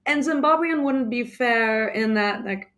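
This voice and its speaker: A woman's voice: fairly high pitch, unhurried, fairly bright tone. A woman with a mixed English accent, a guest talking casually in an interview, rambling with many fillers and restarts. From United Kingdom. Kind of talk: casual conversation.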